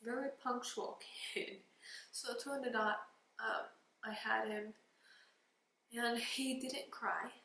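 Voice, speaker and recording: A woman's voice: on the high side, steady tone, slow, pauses often, sharp tone. A young woman vlogger sniffling as she tells a candid, emotional personal story to camera, slipping into whispered asides, recorded at home on a camera mic. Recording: roomy echo with faint background noise.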